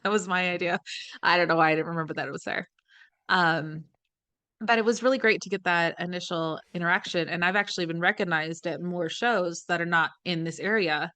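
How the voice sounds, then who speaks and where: A woman's voice: lowish voice, fairly even intonation, brisk, sharp tone, no echo. Chatty woman podcaster, dry close sound. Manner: chatty storyteller, acts out quoted voices, swears casually. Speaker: podcast co-host. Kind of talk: casual podcast chat.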